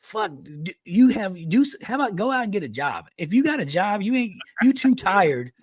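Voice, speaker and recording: A man's voice: high voice, big pitch swings, moderate pace, no echo, clean studio sound. A man co-hosting a comedic veterans podcast, ranting bluntly with a lot of swearing. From United States. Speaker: podcast co-host. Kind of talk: profane comedic rant.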